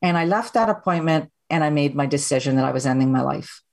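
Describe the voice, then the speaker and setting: A woman's voice: low voice, animated, fast talker. A Canadian woman, a podcast guest, candidly and steadily recounting her personal story.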